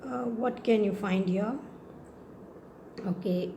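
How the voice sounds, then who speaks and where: Brief: woman schoolteacher, Indian English accent, mellow tone, patient step-by-step explainer, faint room noise. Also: medium pitch, unhurried. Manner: patient, repetitive explaining with frequent checks for understanding. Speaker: teacher. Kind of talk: classroom lesson on poetry.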